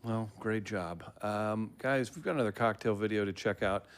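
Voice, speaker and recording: A man hosts a livestreamed trivia night in a chatty, joking way and laughs often. His voice sits on the low side. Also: normal speed, clear, resonant tone. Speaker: trivia host. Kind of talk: casual livestream hosting.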